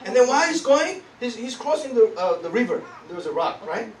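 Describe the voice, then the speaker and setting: Man, sermon, very high voice, lively pitch, roomy echo, distant mic, congregation around. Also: crowd noise. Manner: animated storytelling, halting word searches, frequent laughter. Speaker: preacher. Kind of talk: sermon with live interpreting. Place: church hall.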